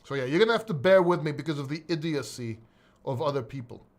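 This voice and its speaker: A man from Greece in middle age rambles through a casual solo crypto video. He talks bluntly, curses often and restarts his sentences. His voice sits a bit higher than most men's. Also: expressive, quick pace. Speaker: crypto YouTuber.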